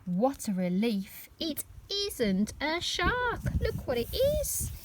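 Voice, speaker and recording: Nursery teacher, woman, story time for small children, lively and unhurried, faint hiss behind. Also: high-pitched. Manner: animated and expressive, asks children questions. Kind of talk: reading a picture book aloud to young children.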